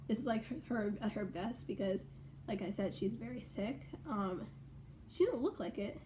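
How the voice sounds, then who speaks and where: A young woman rambling casually in a home vlog, full of fillers and excited asides. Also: mid-range voice, normal speed, a little hiss or hum. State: out of breath. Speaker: vlogger. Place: bedroom at home.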